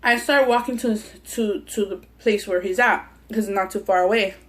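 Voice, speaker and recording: A woman's voice: mid-range voice, normal speed. A young woman vlogger telling a heated, profanity-laced personal story with lots of restarts while she eats on camera. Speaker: mukbang vlogger. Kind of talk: casual storytelling while eating.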